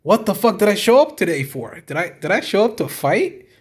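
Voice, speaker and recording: A fairly high-voiced man in a heated rant, swearing often and circling back to the same complaints. He sounds fed up and keeps hammering his points. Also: sing-song, a little fast, breathy edge. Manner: exasperated, swearing, repetitive. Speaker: fight reviewer. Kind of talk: profane rant review.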